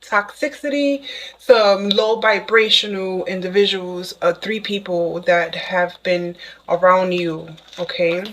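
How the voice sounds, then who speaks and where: A woman giving a casual spoken tarot reading to the viewer, excitable and chatty, who keeps checking in with "okay?". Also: medium pitch, poor audio. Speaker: tarot reader.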